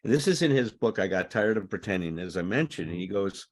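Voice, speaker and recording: A man speaking in a recovery group, reading a passage aloud and commenting on it in an earnest, animated way. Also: low-pitched, fast talker, hardly any pauses.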